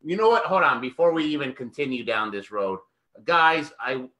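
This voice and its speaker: A man's voice: medium pitch, lively intonation, normal speed, pushed and bright. A man hosting a podcast, hyped and swearing heavily while speaking straight to the listeners. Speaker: podcast host. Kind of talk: podcast conversation.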